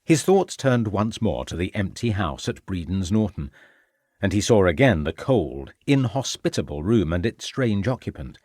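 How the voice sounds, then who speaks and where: A man narrating a mystery novel in a measured storytelling manner. His voice sits low but moves expressively in pitch, recorded close and dry with no room sound. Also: big pitch swings, a little mellow, no echo. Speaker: audiobook narrator. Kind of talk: scripted audiobook narration.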